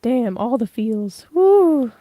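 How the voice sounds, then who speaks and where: A woman's voice: on the high side, sing-song, takes it slowly, dark tone, dry recording. A young woman giving a casual livestream tarot reading, rambling with many fillers. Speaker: tarot reader.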